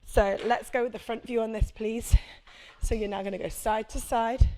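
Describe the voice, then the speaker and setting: A woman's voice: a little high, steady tone, moderate pace, dark tone. A woman, a prenatal fitness instructor, coaching a live workout class with chatty, encouraging cues and check-ins.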